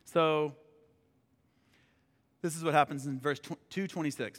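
A man preaching a sermon, telling a scripture story in an animated way and acting out the characters. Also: fairly high pitch, normal speed, pauses often. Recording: long hall reverb.

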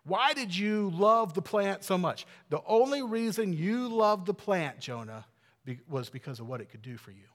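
A man preaching a sermon in an earnest way, dropping to hushed tones and then building to emphatic peaks. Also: high voice, big pitch swings, moderate pace. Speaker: pastor. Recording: long hall reverb.

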